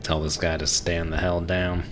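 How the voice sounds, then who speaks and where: A man's voice: deep voice, little pitch movement, moderate pace, music in the background. A man giving casual, chatty commentary while playing a naval warfare game, laughing and talking to himself. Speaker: streamer.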